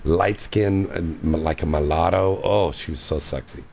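A man's voice: very deep voice, moderate pace, gravelly, darkish tone, slight background noise. A man hosting a radio talk show, bantering crudely and joking with a caller and co-host. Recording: dull lo-fi radio recording.

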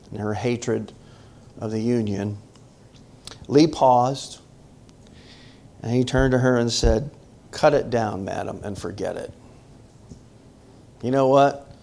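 A man's voice: medium pitch, a little mellow. A middle-aged male pastor from the northern United States, preaching a conversational sermon and often asking the congregation questions. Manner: emphatic, talks directly to the congregation with questions.

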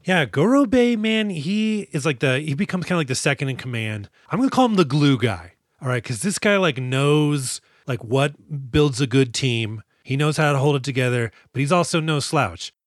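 Animated, swearing male podcast co-host. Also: a little high, moderate pace, hardly any pauses, dry recording, clean studio sound. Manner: animated, swears a lot, acts out characters in quoted lines. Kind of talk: casual chat.

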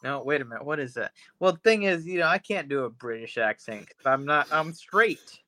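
A man's voice: a little high, expressive, a little fast, bright, forceful tone, dry recording. Crude rambling podcast co-host man. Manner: rambling, crude retelling with put-on quotes. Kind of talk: casual podcast banter, retelling a horror episode.

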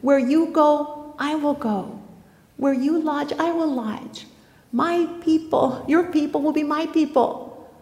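A woman reading the part of a devoted young woman who slowly and solemnly vows loyalty to her mother-in-law. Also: fairly high pitch, warm tone. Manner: slow, solemn vow. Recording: echoey hall.

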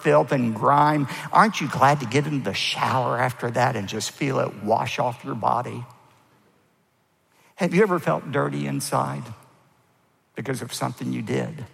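A man preaching a sermon as pastor, stressing key words with rising pitch and letting phrase ends fall low. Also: creaky. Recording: long hall reverb.

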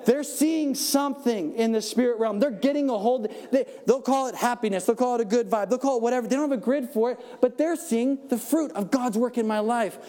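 A man preaches by telling animated personal stories, often laughing and slipping into the voices of the people in them. His voice sits very high for a man. It has a soft, mellow tone. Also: a little fast, few pauses. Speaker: church speaker. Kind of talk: sermon storytelling.

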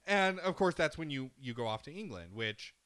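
A man with a bright, forceful voice recaps a video game in loose, casual chat. He tells it with lots of energy, swears freely and slips into the characters' lines as he goes. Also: fairly high pitch, moderate pace, clear, resonant tone. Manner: animated storytelling with profanity, acting out characters. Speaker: podcast co-host.

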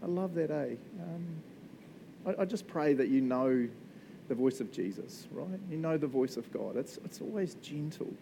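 A man's voice: on the high side, animated, moderate pace, gravelly, noisy background. A man, teaching the Bible in a casual, chatty way, often checking in with "right?" and laughing as he goes. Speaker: pastor.

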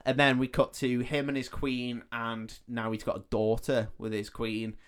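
A man on a podcast, casually retelling a film plot with swearing and quick voiced-out lines for each character. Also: medium pitch, flat delivery, fairly bright tone, clear, resonant tone. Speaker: podcast co-host.

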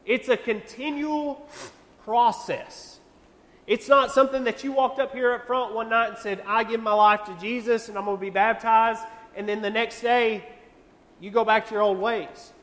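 Earnest high-voiced young man preaching. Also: level tone, moderate pace, a bit bright. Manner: earnest, conversational preaching with repeated rhetorical questions. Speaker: youth pastor. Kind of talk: sermon. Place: church hall. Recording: long church-hall reverb.

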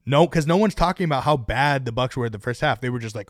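A man co-hosting a casual sports podcast, talking in quick excited bursts. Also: medium pitch, no room sound, studio quality. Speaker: podcast co-host.

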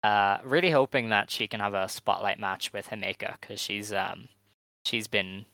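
An opinionated man on a podcast walks through results in casual chat. His lowish voice is bright and tense, recorded dry and close. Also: normal speed, no echo. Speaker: podcast co-host.

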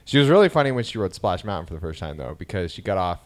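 A man's voice: low voice, racing. A man in his thirties co-hosting a podcast, telling family stories in casual chat and acting out what his kids said. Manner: lively storytelling, acting out his kids' lines. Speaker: podcast co-host.

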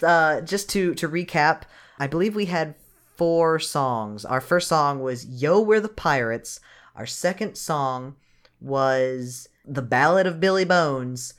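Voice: medium pitch, expressive, slow pace, fairly bright tone. A podcast co-host in casual chat who laughs often and trails off mid-sentence.

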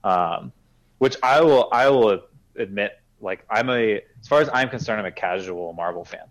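A man's voice: on the low side, normal speed, low-quality recording. A young man chatting casually as a podcast co-host, telling a rambling anecdote full of fillers and asides. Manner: rambling anecdotal storytelling with lots of fillers and laughs. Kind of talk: casual chat.

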